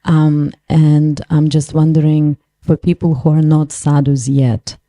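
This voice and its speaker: A woman with a Russian accent asks her question from the audience in a low, very dark voice. She speaks politely and hesitantly, filling the gaps with little sounds. The sound is dry. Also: flat delivery, a little slow, dry recording. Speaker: audience member asking a question.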